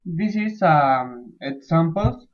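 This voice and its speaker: A man with Spanish as his first language talks through a class presentation at a slow, halting pace, stepping through numbered points. His voice sits a touch high for a man. The sound is thin and narrow, like a phone line. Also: lively intonation. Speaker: student presenter.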